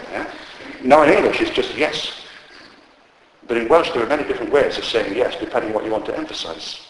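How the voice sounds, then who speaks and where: A man preaching a sermon, emphatic and storytelling, swinging between loud declarations and quiet asides. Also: medium pitch, animated, normal speed, pauses often, slight background noise. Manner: storytelling, conversational humour. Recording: roomy hall with long reverb.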